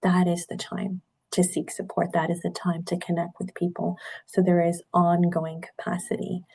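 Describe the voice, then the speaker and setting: Middle-aged woman, nurse presenter, husky and candid, earnest webinar delivery. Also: lowish voice, completely flat delivery, moderate pace, a little mellow. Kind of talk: webinar talk.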